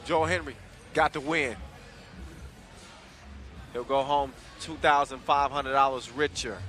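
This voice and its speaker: A man's voice: medium pitch, sharp tone. A male sports commentator recapping a dunk contest and previewing the final in a hyped, playful way with casual slang. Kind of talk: event commentary. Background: music.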